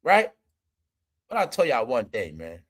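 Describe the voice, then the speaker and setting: A man's voice: mid-range voice, huge pitch swings, a little slow, a bit bright. A man hosting an entertainment commentary show, ranting emphatically and profanely straight to his viewers. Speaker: commentary channel host.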